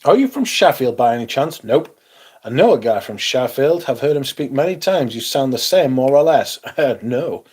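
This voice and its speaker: A livestream host from northeast England with a Northumbrian accent chats casually and bluntly, swearing freely and reading chat messages aloud to answer them. His voice is mid-range and moderately paced, with lively intonation, a darkish tone, and a breathy edge.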